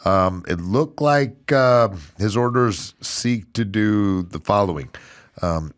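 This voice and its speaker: Male co-host, lowish voice, casual halting read of news bits. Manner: halting, filler-heavy reading. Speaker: co-host reading news items. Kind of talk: casual talk-show news reading.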